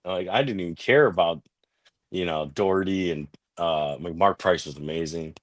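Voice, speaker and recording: A man from the Cleveland area, talking sports excitedly in casual chat on a podcast. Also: low voice, moderate pace, no echo. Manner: excited, filler-heavy sports talk.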